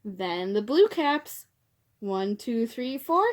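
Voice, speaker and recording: Slow, gentle woman reading to kids. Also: a little high, lively intonation. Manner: gentle, addresses listeners as friends, gasps for effect. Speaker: children's storyteller. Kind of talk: reading a picture book aloud to children.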